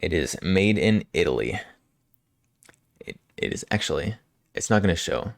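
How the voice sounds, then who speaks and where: A man streaming live, chatting casually with frequent chuckles and halting restarts as he rambles. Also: sits low, lively intonation, vocal fry, no room sound, studio quality.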